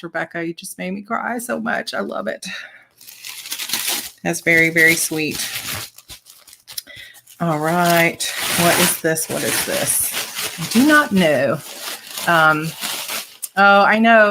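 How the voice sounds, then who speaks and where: A woman's voice: lowish voice, slow pace, long pauses, pushed and bright, slight background noise. A woman hosting a casual live chat, opening fan mail and gushing, tearful and laughing often. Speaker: author and channel host.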